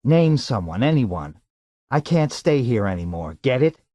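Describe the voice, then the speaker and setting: Male reader as a harried businessman, pushy and irritable, a little above his own pitch, dry close sound. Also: sing-song, measured pace, mellow, no room sound. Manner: pressing, irritable. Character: harried middle-aged businessman, impatient.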